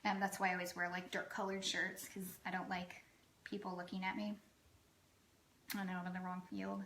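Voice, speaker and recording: Chatty woman health coach, bright voice. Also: lowish voice, flat delivery, normal speed, reverberant, a little hiss or hum, rough recording. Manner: chatty, frequent "um" fillers, self-deprecating asides. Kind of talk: casual educational talk to camera.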